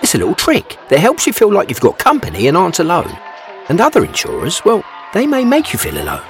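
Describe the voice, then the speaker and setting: A chatty, earnest ad mascot, high voice that jumps all over. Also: male voice, wildly swooping pitch, fast, creaky, faint music behind, full character voice. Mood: reassuring. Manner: chatty, earnest, gets choked up. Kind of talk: commercial voice acting.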